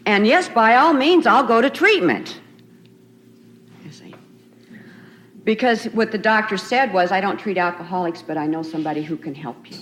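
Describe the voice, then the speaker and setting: A woman's voice: medium pitch, expressive, moderate pace, pauses often, a bit bright. A middle-aged woman sharing her recovery story at a retreat, telling it in a loose conversational way with frequent laughs. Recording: faint noisy 1990s tape recording.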